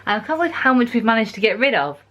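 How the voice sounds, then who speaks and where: A woman's voice: fairly high pitch, very animated, fast talker, fairly bright tone, lo-fi sound. A woman from England chatting enthusiastically to the camera at home in a daily vlog. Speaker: vlogger. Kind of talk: casual vlog chat.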